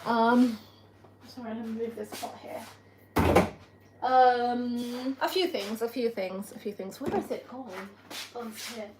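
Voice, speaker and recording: Woman vlogger, higher voice, rambling casual chat, laughs a lot; echoey kitchen with audible noise behind. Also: measured pace, long pauses. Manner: rambling, chatty, laughs often, talks to herself while doing chores. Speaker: vlogger hosting a live stream. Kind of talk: casual live-stream chat. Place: home kitchen. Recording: echoey room with background noise.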